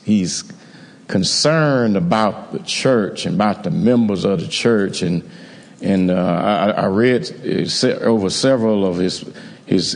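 A man's voice: sits low, a little mellow. A man preaching an evening sermon in a church, talking conversationally and often repeating words. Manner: conversational, repeats words, call-and-response amens. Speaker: pastor. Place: church sanctuary. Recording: reverberant church hall.

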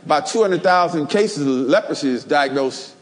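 A man delivers a lively, humorous sermon, drawing call-and-response from the pews. His voice sits high and leaps all over its range. A long hall reverb trails every phrase. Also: moderate pace, a little hiss or hum. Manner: animated, call-and-response, plays jokey role examples. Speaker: preacher. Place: church.

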